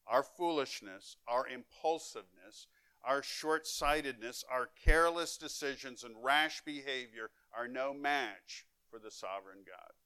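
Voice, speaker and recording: Man, pastor, sermon, emphatic rising and falling delivery, smooth resonant voice. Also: mid-range voice, measured pace, dry recording. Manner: emphatic preaching with wide swings in loudness and pace.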